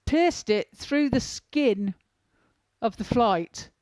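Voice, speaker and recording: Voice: mid-range voice, expressive, very slow, darkish tone, no echo. A darts co-commentator talking live, chatty and joking with the main commentator. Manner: chatty, jokes with partner.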